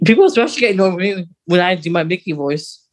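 A man's voice: high-pitched, expressive. Chatty young man rambling along. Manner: rambling, chatty, quick laughs. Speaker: podcast co-host. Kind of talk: casual chat.

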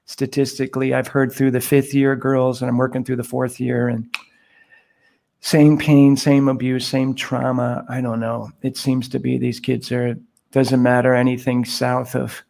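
A man's voice: medium pitch, gravelly, a little mellow. A man, a priest, chatting and telling stories on a podcast, laughing as he goes. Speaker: priest guest. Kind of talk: casual podcast storytelling. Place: Guatemala, on a remote call.

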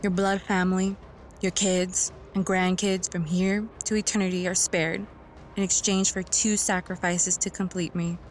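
A woman voicing a cold, sinister young man bound to shadows, speaking flatly and mockingly. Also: lowish voice, normal speed, soft background music, voice pushed down, lightly acted.

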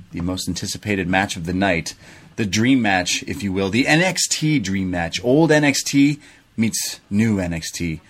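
A man's voice: lowish voice, a bit bright. A man from Canada co-hosting a podcast, casually recapping a wrestling show play by play. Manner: chatty, recaps events play by play. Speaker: podcast co-host. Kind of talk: casual wrestling review chat.

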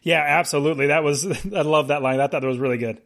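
A man with a slightly higher-than-usual voice talks casually as a podcast co-host. He rambles, restarts his sentences and laughs easily. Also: fast talker, vocal fry, fairly bright tone. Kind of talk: casual chat.

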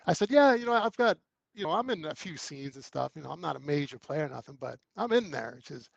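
A man's voice: fairly high pitch, quick pace, gravelly, no room sound, dull audio. A man, an actor guest, telling anecdotes in casual chat and acting out the quoted lines. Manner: animated storyteller who acts out quoted lines.

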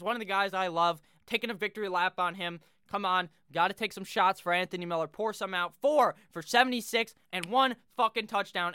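A man's voice: high voice, pushed and bright, clear, resonant tone, dry recording, clean studio sound. A man giving a casual, brash fantasy football recap, joking and swearing freely. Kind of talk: casual profane sports recap.

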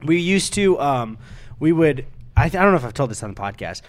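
A man's voice: fairly high pitch, big pitch swings, fairly quick. A man co-hosting a podcast, telling a story in a casual, rambling way, full of fillers and swearing. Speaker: podcast co-host.

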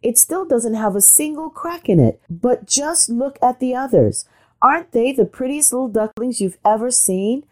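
A woman's voice: a little high, animated, normal speed, pitched above the performer's own voice. A woman reading a storybook aloud, voicing a fussy, impatient mother duck who frets and boasts about her brood. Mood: proud. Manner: fretful, proud and chatty.

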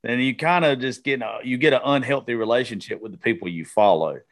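Guy in his 30s hosting a podcast, blunt, thinking out loud. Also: mid-range voice, quick pace. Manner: blunt, reflective, swears. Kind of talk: casual podcast chat.

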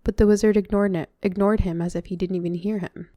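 A woman's voice: medium pitch, fairly even intonation, fast talker, dark tone, no room sound, clean studio sound. A woman reading a novel aloud, breaking off now and then for chatty comments. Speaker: reader.

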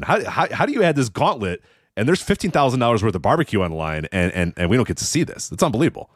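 A man co-hosting a wrestling podcast, talking casually in a quick, animated way. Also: lowish voice, no room sound, clean studio sound. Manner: quick, animated, laughs easily. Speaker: podcast co-host.

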